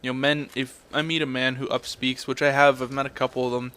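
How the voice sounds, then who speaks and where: A man's voice: mid-range voice, level tone, fairly quick, sharp tone, clean tone. A young man ranting in a blunt, profane way, telling a story and then commenting on his game footage. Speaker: gameplay commentator.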